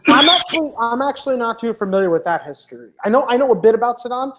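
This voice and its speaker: A woman chatting casually in an online voice lobby, blunt and profane, getting animated as she talks. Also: fairly high pitch, fast, low-quality recording. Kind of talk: casual voice chat.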